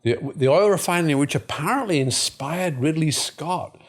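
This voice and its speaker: A co-host from northern England, talking in a rambling, dryly funny way. His voice swoops around a lot and has a husky, slightly rough edge. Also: a little high, normal speed. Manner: lively, rambling, dry humor. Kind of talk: casual chat.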